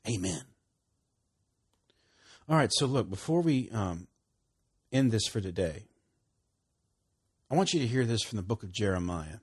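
A man preaching a sermon, reading scripture, laughing often and dropping to soft asides. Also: fairly low pitch, expressive, a little slow, pauses often, breathy edge.

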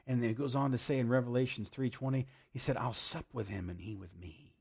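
A man preaching a sermon, emphatic and plain-spoken, with loud bursts, hushed asides and frequent laughs. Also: mid-range voice, brisk, gravelly, slightly rough.

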